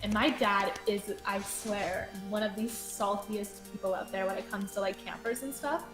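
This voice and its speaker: A woman's voice: medium pitch, steady tone, normal speed. A woman guest chatting casually about video games, full of "like" fillers. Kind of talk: casual gaming chat. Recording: echoey room with faint music.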